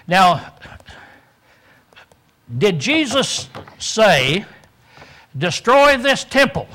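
Man, preacher, high voice, bright tone, clears throat often, Bible teaching. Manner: teaching tone, acting out quoted lines, frequent throat clearing. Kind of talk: sermon, verse-by-verse Bible teaching.

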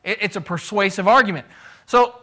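High, bright-voiced man teaching Bible class. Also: fairly quick. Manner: conversational, asks the class questions. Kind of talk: casual Bible class lesson.

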